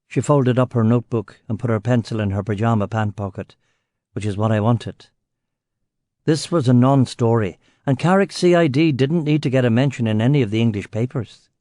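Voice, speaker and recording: A man narrating a crime audiobook in the first person with a wry, sardonic edge. His voice is mellow and of middle pitch. The close studio sound is very dry. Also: fairly quick, dry recording.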